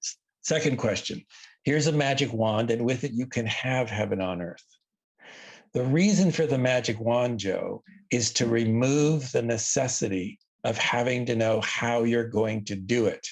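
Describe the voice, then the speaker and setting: Husky, earnest man speaking reflectively. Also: medium pitch, measured pace. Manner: earnest, reflective, repeats words for emphasis. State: emotional. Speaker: interview guest. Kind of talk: casual conversation. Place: at home, by a lawn near the ocean.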